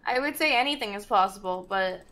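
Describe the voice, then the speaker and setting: A woman's voice: mid-range voice, expressive, fairly quick, a crowd in the background. A woman talking casually on a stream, chatty and hedging, laughing between remarks.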